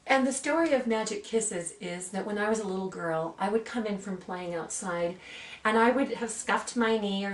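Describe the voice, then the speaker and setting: A mid-range voiced woman in her sixties, an aromatherapy practitioner, gently demonstrates oils and shares personal stories in a soft, earnest manner, reading blessings slowly. The recording sounds roomy, from a distant mic, with faint ambience.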